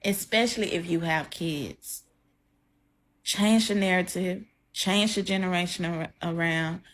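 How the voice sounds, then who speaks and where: Facing her camera, another young adult creator records an emotional reaction vlog, nearly crying as she speaks from the heart. The camera mic captures her fairly low-pitched voice at a measured pace.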